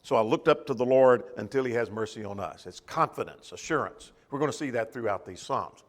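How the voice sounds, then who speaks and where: A man's voice: mid-range voice, fairly quick, long reverb tail. A man teaching a church Bible class in a conversational way, asking the class questions as he goes.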